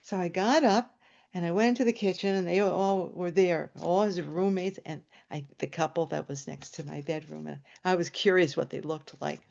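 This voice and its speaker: A woman telling a personal story on stage in an animated way, jumping into high excited voices when quoting. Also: normal speed, gravelly, lo-fi sound.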